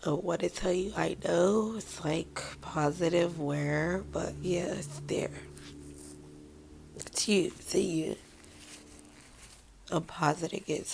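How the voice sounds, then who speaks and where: A woman's voice: fairly low pitch, slow pace, vocal fry, long pauses, a little mellow, slight background noise. A woman hosting a podcast, talking through an emotional personal monologue in a raw, rambling, self-mocking way, still tearful after crying. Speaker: podcast host.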